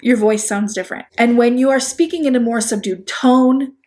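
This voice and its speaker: A woman's voice: a little high, moderate pace, a little mellow. A woman with a Chicago accent giving rambling, sarcastic commentary on a video, with frequent restarts and asides. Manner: sarcastic, rambling, self-deprecating. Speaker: commentary YouTuber. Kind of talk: casual video-essay commentary.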